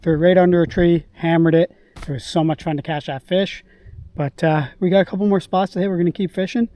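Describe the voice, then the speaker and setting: A man narrating his own fishing trip from a kayak outdoors, chatting casually and bursting into excited exclamations. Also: high-pitched, fairly quick. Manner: excitable, bursts of exclamations while landing fish. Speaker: fishing vlogger. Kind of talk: casual on-the-water commentary. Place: outdoors on a lake or river from a kayak.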